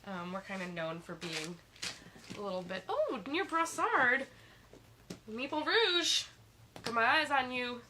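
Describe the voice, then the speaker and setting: Woman, sick, chatty livestream, bit high voice, noisy phone audio. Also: sing-song, measured pace, pauses often. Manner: chatty, reads viewer comments aloud. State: sick, slightly congested. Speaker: livestream host. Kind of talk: casual live stream chat. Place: in bed at home.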